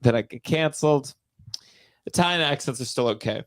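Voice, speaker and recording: A man, a guest comedian, telling animated anecdotes in a casual chat. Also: medium pitch, fairly quick.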